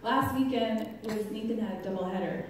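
A woman's voice: medium pitch, brisk, darkish tone. A woman giving a chatty, laugh-filled faith testimony to a live audience. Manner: chatty, laughs often at her own stories. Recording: echoey hall from far off, faint noise.

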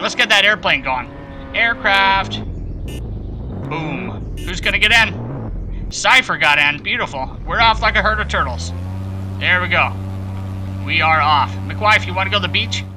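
A man hosts a live game stream in a high, very bright voice. He chats playfully and calls out viewers by name as he plays. Faint noise sits under the recording. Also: animated, moderate pace, long pauses, poor audio.

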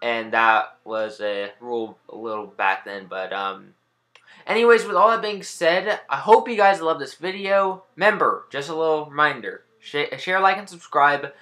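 A man hosting a video game reaction vlog, expressive and shifting between chatty explanation and loud excited yelling. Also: on the high side, moderate pace.

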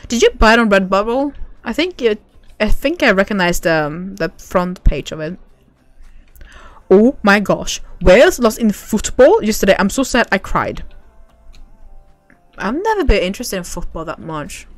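A woman's voice: medium pitch, no echo. A young woman chatting casually with viewers while streaming a game, bubbly and giggly. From Sweden. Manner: bubbly, giggly, reads chat aloud. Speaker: livestream gamer. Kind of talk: casual livestream chat with viewers.

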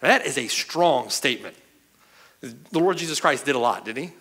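A man's voice: mid-range voice, expressive, moderate pace, fairly bright tone, breathy edge. Man preaching a sermon, emphatic, keeps asking "right?" and "okay?", voice jumps all over the place. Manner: emphatic, asks the hearers "right?" and "okay?" often. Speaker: pastor. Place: church sanctuary.

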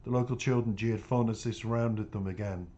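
Low-voiced man reading his story. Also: fairly even intonation, warm tone. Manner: unhurried, plain reading with small stumbles. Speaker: author reading his book. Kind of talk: first-person audiobook narration.

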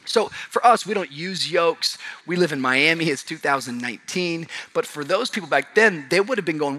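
A man preaching a sermon to a church crowd, swinging from passionate shouting to hushed, quiet lines. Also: a little high, expressive, normal speed, hardly any pauses. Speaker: pastor. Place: large church auditorium.

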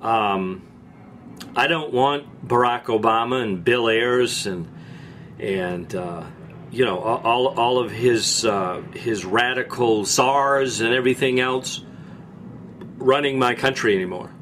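A man's voice: medium pitch, takes it slowly, fairly bright tone, a little hiss or hum. A man hosting a show, delivering an angry, sarcastic political rant with repeated restarts and rising outbursts. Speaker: host. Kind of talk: political opinion monologue.

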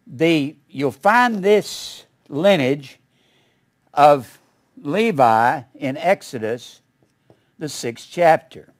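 Older male Bible teacher, conversational and rambling, mid-pitched, casual asides. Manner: folksy, rambling, with asides and chuckles.

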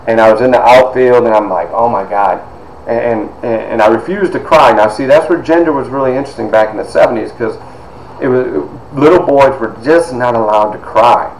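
Animated storytelling man in an echoey room. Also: medium pitch, brisk. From Toledo, Ohio. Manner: animated, conversational, with frequent asides. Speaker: author and speaker. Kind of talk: personal storytelling talk. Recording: echoey room with faint noise.

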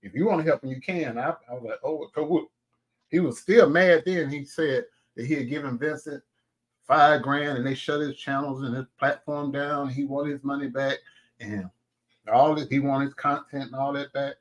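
A man co-hosting a casual commentary show, given to loud laughing fits and mock prayers. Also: medium pitch, steady tone, normal speed. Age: older. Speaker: co-host.

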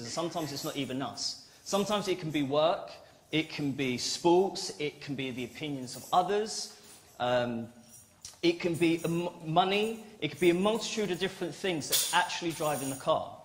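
A man preaching a family-service sermon in a church, playful and given to acting out little dialogues. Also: a little high.

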